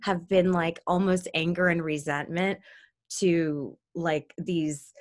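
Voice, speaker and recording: Animated woman chatting, lowish voice. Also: slow. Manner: animated, jumps into high excited squeals. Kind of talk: casual chat.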